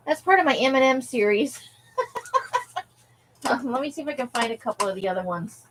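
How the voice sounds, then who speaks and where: A woman's voice: fairly high pitch, lively intonation, brisk, pauses often, background noise. A woman hosting a casual crafting livestream from her craft space at home, rambling and talking to herself as she digs through her supplies. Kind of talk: casual live-stream chat.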